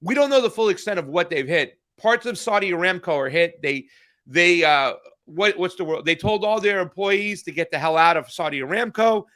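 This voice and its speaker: At a moderate pace, a man with a high, animated, sharp-toned voice co-hosts a political news podcast. He gets heated in the casual chat, swears, and keeps breaking off to restart his sentences.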